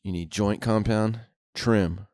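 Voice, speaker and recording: Low-voiced guy telling stories. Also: fairly even intonation, slow pace, a little mellow, dry recording, studio quality. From Houston, Texas. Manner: profane, laid-back rambling with laughs. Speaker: podcast host. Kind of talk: casual storytelling chat.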